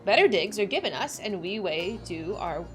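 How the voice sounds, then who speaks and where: A woman's voice: medium pitch, sing-song, normal speed, faint music behind, lightly acted. A woman voicing a small, downtrodden kobold digger who pleads dramatically and repeats himself while she reads game dialogue aloud. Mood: pleading.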